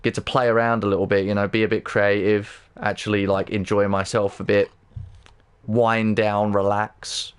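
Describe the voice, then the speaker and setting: A British man chatting casually on a gaming livestream, excitable, swearing a lot and often stammering or restarting his sentences. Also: on the low side, normal speed, clean tone. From Britain.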